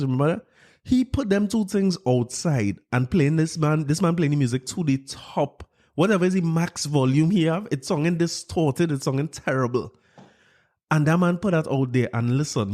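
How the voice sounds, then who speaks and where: A man with a Trinidadian accent hosting a casual podcast, telling stories with laughs and talking straight to his listeners. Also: fairly high pitch. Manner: animated storytelling with frequent laughs; conversational, addresses listeners directly. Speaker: podcast host.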